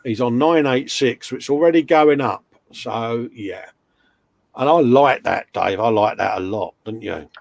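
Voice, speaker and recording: A man's voice: mid-range voice, measured pace, vocal fry, no room sound. A middle-aged man hosting a casual live stream, chatting, reading viewer comments aloud and slipping in puns.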